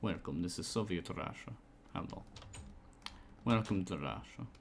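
A man voicing a gloomy male greeter in a mock Russian accent, speaking slowly, low and hushed. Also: lively intonation, gravelly, a little hiss or hum.

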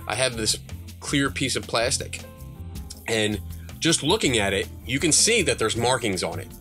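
A man's voice: mid-range voice, sharp tone. A man who is a guest photography expert, patiently explaining camera effects in an interview with an amused, demonstrating manner.

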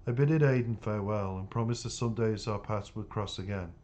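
A man narrating his own novel in a plain, steady reading style. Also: fairly low pitch, brisk. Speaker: author reading his book. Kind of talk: audiobook narration.

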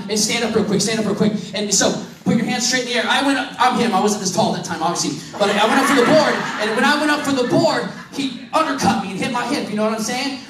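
A high-voiced young man from Missouri tells a sermon story in a loose, self-mocking, joking way. He sounds distant from the mic, with a big echo around him and faint room noise. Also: fairly bright tone. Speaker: preacher. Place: church hall. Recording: echoey hall from far off.

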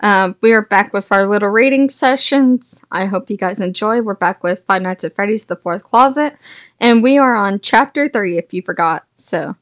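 A woman host reading a book aloud in a relaxed, casual way, with small slips and self-corrections. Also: mid-range voice, moderate pace. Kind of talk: casual read-aloud narration.

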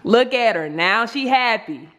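A woman's voice: on the high side, animated, measured pace, a bit bright, a little hiss or hum. A young woman hosting a casual prank vlog, talking in a playful, teasing, coaxing way. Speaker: vlog host.

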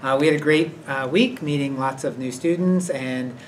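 A man's voice: medium pitch, moderate pace. A man on school staff presenting character awards in a casual, unscripted announcement, rambling and hesitant with many fillers. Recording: distant mic with faint noise.

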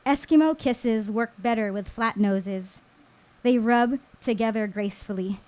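A woman in her thirties tells a personal story on stage at a small live show. Her voice sits a little high, and she takes her time, lingering in deliberate pauses between phrases. The delivery is warm with storytelling rhythm rather than chatty. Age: 30s.

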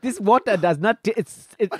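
A man's voice: high voice, lively intonation, normal speed, breathy edge, dry recording. A man voicing a cultured male prince who cannot swim, speaking formally and pleading to turn the boat around. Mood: anxious. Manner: formal, pleading, breaking into laughter. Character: cultured adult male prince, panicking at sea.

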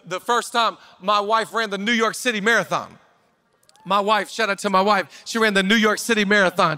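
A male pastor preaching a conference sermon, telling a personal story and breaking into shouted exhortations. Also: sits high.

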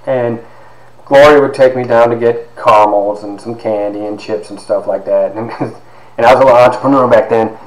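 A man in his fifties from Ohio, telling a personal story in an animated way with lots of quoted dialogue and fillers. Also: mid-range voice, normal speed. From Ohio, USA. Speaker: podcast host and author. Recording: echoey room with faint background noise.

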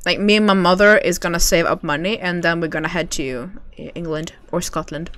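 A woman's voice: lowish voice, steady tone, a little fast, fairly bright tone. A young woman chatting casually with viewers while streaming a game, bubbly and giggly. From Sweden. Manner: bubbly, giggly, reads chat aloud. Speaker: livestream gamer. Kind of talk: casual livestream chat with viewers.

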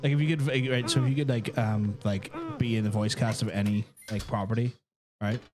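A man's voice: fairly low pitch, fairly even intonation, a little fast, crowd noise. A man with a Northern Irish accent, crude and teasing in casual banter while playing a video game with a friend. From Northern Ireland. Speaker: co-host of a gaming playthrough. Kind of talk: casual banter over gameplay.

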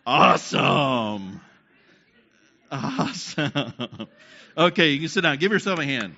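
A man's voice: a little high, lively intonation, quick pace, bright, forceful tone. A man preaching a sermon, leading the congregation through a group exercise and checking in with them often. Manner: leads the crowd with repeated "okay?" checks. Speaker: pastor. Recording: dull lo-fi sound.

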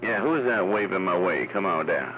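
A man's voice: low voice, expressive, fairly quick, over loud music. A man talking casually on a CB radio, laid-back, and calling everyone "man". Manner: laid-back, drawling, says "man" often. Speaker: CB radio operator. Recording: muffled radio audio with static.

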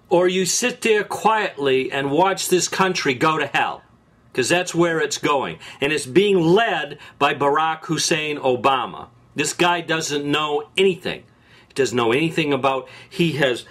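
A man's voice: a little high, a bit bright. A man hosting a show, delivering an angry, sarcastic political rant with repeated restarts and rising outbursts. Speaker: host. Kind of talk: political opinion monologue.

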